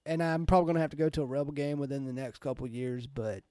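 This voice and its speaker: A man's voice: mid-range voice, fast, darkish tone, no room sound, studio quality. A young man chatting casually, rambling through fillers and casual swearing. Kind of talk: casual chat.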